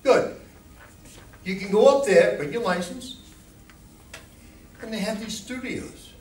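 A man's voice: high voice, slow, darkish tone. A man giving an informal talk to a club meeting as a guest speaker, chatty and often asking the audience questions. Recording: echoey room, distant mic, faint noise.

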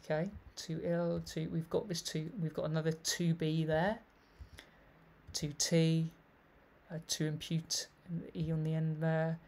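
A man's voice: on the high side, completely flat delivery, unhurried, darkish tone. A man giving an explanatory video lecture, reading passages aloud and commenting on them as he goes. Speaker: literary researcher presenting a thesis.

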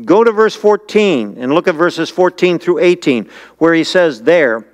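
Smooth-voiced preaching pastor, man. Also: expressive, a little slow. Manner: earnest preaching, asks the congregation questions; voice jumps high and urgent when paraphrasing scripture. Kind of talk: sermon with scripture reading. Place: church.

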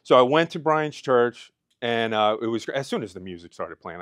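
A man's voice: medium pitch, animated, normal speed, a bit bright, no room sound. A man in his thirties tells his personal story to an audience at a business event. His voice sits in a middle register and is caught close and dry. He is emotional and holds back tears between his phrases. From Pennsylvania. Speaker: speaker. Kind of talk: personal testimony speech. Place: event hall.

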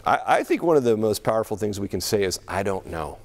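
A man's voice: lowish voice, lively intonation, fast, vocal fry. A middle-aged man preaching a sermon in a church, conversational, laughing often and repeating words as he thinks. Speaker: pastor.

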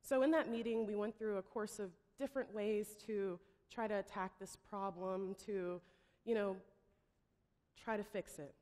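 A woman gives a startup pitch from a stage, voice at a middle pitch. She tells her story with drama and acts out the people she quotes. The long reverb of a large hall trails after each phrase. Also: fairly even intonation, unhurried, darkish tone.

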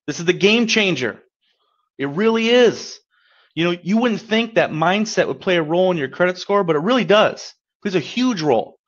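A man's voice: sits high, lively intonation, normal speed, highs cut off. A man giving a webinar as a coach, talking in an upbeat, encouraging, conversational way, often checking in with "right?". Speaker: credit repair coach. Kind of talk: webinar presentation.

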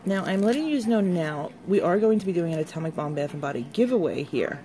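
Chatty, excitable woman vlogger. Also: lowish voice, fast, a little hiss or hum. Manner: chatty, excitable, gushes over products. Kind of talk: casual unboxing vlog.

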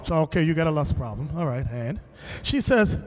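A man preaching to a class, telling a story with lively acted-out quotes and bursts of shouting. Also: on the high side, fairly quick, big-room sound. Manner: animated storytelling, acting out quotes, shouting at times. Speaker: teacher. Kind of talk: sermon.

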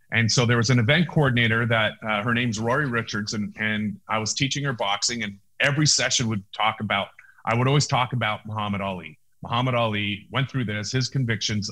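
A man talks as a guest over a video call. His voice sits at a medium pitch, and he tells his story with animated energy, restarting his phrases and acting out what people said. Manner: animated storyteller, many restarts, acts out quotes. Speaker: interview guest, actor. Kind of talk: casual storytelling interview.

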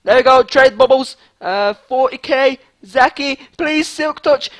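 A man with a high voice, commentating his own gameplay at a desk mic with breathless excitement. He stammers and swings between shouting and near-whispers. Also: a little slow. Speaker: gaming channel host.

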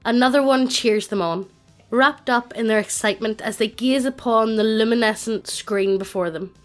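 A synthetic woman's voice, pitched a little high, narrates a tabletop adventure in a flat computer cadence. Soft music plays quietly underneath. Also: normal speed. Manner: flat, evenly paced computer reading. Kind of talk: synthetic text-to-speech narration.

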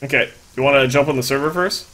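A man's voice: medium pitch, fast, fairly bright tone. Joking man streaming a game. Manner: joking, loose, talks to chat while playing. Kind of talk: casual gaming stream chat.

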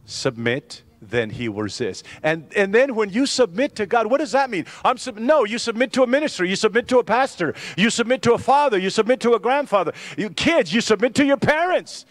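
Animated older man preaching a sermon. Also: high voice, fairly quick, hardly any pauses, no room sound. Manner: animated, ironic and joking, many restarts. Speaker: pastor. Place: church sanctuary.

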